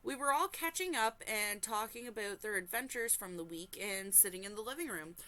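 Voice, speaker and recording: A woman hosting a reaction channel, reading a forum story aloud and breaking off into animated, exclaiming, apologetic asides. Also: mid-range voice, brisk.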